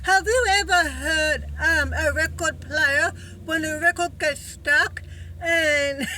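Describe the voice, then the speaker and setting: A woman talking to camera in a personal vlog, halting and emotional, with many fillers. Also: sits high, pushed and bright. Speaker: vlogger. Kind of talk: personal recovery vlog monologue.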